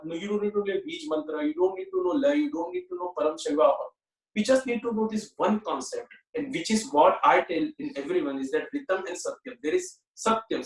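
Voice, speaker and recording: High-voiced man teaching in an echoey room. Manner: earnest, repetitive, many "you know" fillers. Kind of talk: explanatory spiritual talk. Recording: roomy echo, mic at a distance.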